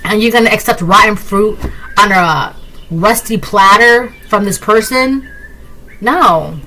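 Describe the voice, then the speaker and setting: A woman's voice: medium pitch, takes it slowly, pushed and bright, a little hiss or hum, low-quality recording. A woman doing a casual tarot reading, talking emphatically and often tagging lines with "right?". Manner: emphatic, repetitive, rhetorical "right?" asides. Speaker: tarot reader.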